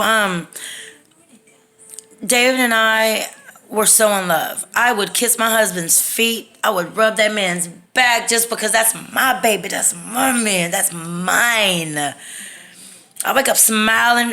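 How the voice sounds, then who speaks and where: A woman from Texas tells her phone a personal story in a candid, profane, rambling storytime monologue. Her voice is medium-pitched with a sharp tone.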